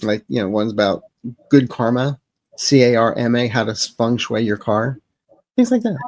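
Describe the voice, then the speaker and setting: A man being interviewed as a psychic advisor, telling stories with quick jokes and asides. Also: medium pitch, steady tone, darkish tone, no echo. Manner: joking, storytelling, quick asides. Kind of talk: casual interview chat.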